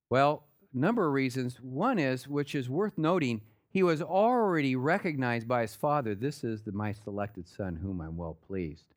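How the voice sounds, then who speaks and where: A man preaching a sermon in a conversational way, guiding listeners through scripture and dropping low and soft on his earnest points. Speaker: pastor.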